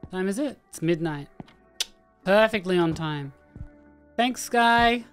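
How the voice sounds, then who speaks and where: A woman narrates her horror-game playthrough slowly in an animated mid-range voice, chatting to the characters and thinking out loud. It's casual let's-play streaming, with game music faintly audible behind her.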